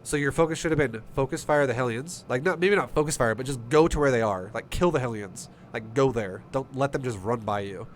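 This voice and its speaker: A man's voice: mid-range voice, slight background noise. Blunt, swearing man coaching a replay. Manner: blunt, swears often, talks fast and heated. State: runny nose. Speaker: StarCraft coach reviewing a replay. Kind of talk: casual game replay coaching. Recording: music playing underneath. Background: music.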